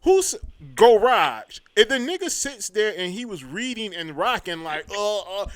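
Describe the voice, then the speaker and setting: A man with a high, bright voice tells a story in a loose livestream chat. He is loud and animated and mocks people by imitating them. The close mic sounds dry, with no room around it. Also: normal speed, smooth, no echo. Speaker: show host.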